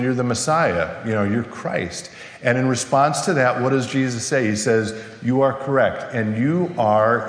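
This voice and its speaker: Man preaching a conversational sermon. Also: medium pitch. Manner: conversational, asks the congregation questions. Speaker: pastor. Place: church sanctuary. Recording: echoey hall with long reverb.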